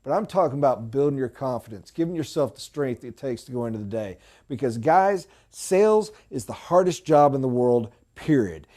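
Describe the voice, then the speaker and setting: Male sales coach, middle-aged, motivational and emphatic, warm low-bright voice, mid pitch. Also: lively intonation, moderate pace, few pauses. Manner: emphatic, preachy. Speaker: sales trainer. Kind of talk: motivational sales training talk. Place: training room with a whiteboard.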